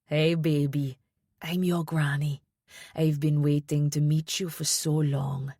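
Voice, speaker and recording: A woman voicing a warm but blunt older Jamaican grandmother with a strong Jamaican accent. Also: low-pitched, flat delivery, takes it slowly, no echo, studio quality, exaggerated voice. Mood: tender. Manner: strong, firm, disapproving of the girl.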